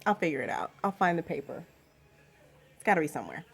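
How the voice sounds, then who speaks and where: Low-voiced woman chatting casually. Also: very animated, quick pace, vocal fry, slightly rough, soft background music. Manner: chatty, rambling with fillers. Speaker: vlogger. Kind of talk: casual chat. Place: home.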